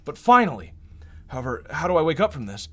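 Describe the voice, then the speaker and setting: A man's voice: on the high side, very animated, fast talker. A man reading a game aloud, voicing a timid, lonely young woman in an earnest, anxious way.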